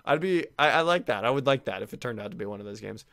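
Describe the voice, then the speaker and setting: A man's voice: mid-range voice, lively intonation, fast, fairly bright tone, no echo, studio quality. A young man playing through a game on camera, reading its text aloud and reacting in a jumpy, nervous way, often repeating himself. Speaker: let's play gamer.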